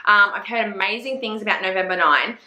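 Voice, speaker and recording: A young Australian woman with an Australian accent, chatting casually and profanely about books to camera, animated and gossipy. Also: mid-range voice, brisk, reverberant, dull audio. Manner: profane, gossipy and animated, acting out her own reactions. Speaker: book reviewer. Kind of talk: casual book chat to camera.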